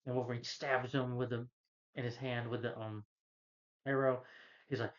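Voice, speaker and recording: A man casually retelling a film's plot as a reviewer, rambling and halting with lots of "you know" and restarts. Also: mid-range voice, little pitch movement. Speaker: movie reviewer. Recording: slightly dull lo-fi recording.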